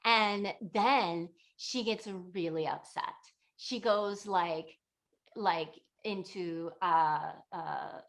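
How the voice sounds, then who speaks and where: A woman's voice: lowish voice, drawn-out words, fairly bright tone. A meditation teacher, a woman, casually retelling a teaching story with loose, chatty phrasing. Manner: chatty, loose, many fillers like "like" and "you know".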